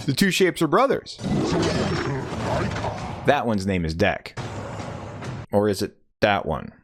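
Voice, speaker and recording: A man giving a deadpan, sarcastic comedic recap of a movie, voicing the characters' lines. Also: on the low side, slow pace, over music.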